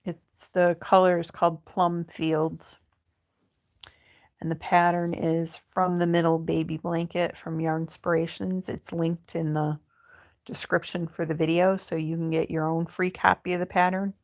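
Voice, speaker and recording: A low-voiced woman with a gravelly edge hosts a relaxed crochet livestream, talking on her phone as she works. She chats easily and reads viewer comments aloud. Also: unhurried. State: sleepy, yawning. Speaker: livestream host. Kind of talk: casual livestream chat while crocheting.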